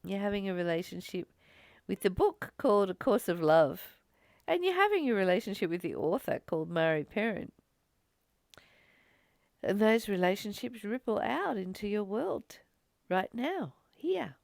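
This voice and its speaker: A woman giving a reflective spiritual teaching, speaking in an animated storytelling way with occasional laughs. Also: medium pitch, moderate pace, creaky, no room sound, studio quality.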